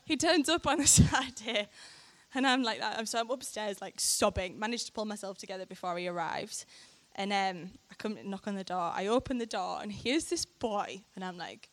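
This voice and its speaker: A young woman shares her testimony with a church crowd, laughing often and acting out the lines she quotes. Her voice sits a little high. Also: moderate pace. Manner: animated storytelling, frequent laughter, acts out quoted lines. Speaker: speaker sharing a testimony. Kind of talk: personal testimony to a church audience.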